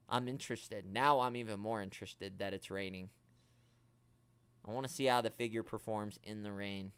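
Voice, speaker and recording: A man hosting a casual toy-collecting livestream, chatting and ranting in a joking, animated way, quoting others in mock voices. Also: mid-range voice, clean tone, no room sound. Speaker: toy collecting channel host.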